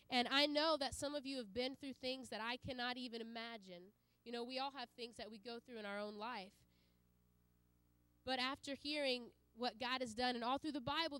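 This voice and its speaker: Earnest high-voiced woman preaching. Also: a bit bright, no room sound. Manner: earnest, with many fillers and restarts. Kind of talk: sermon.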